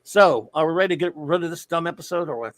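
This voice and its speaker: Male co-host, slightly high voice, joking and rambling, casual chat, dead-dry room. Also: fast talker, no echo. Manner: joking, rambling, full of fillers. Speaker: podcast co-host. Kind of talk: casual chat, reading listener reviews.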